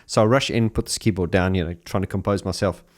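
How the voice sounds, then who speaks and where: Deep-voiced Englishman telling a lively story. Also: fast. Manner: animated, chatty, laughs while telling. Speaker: keyboard player. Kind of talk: telling an anecdote.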